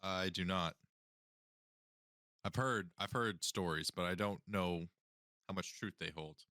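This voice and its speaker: A man role-playing his character at a tabletop game, speaking haltingly with many restarts. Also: low voice, bright, forceful tone, no echo, clean studio sound. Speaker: player.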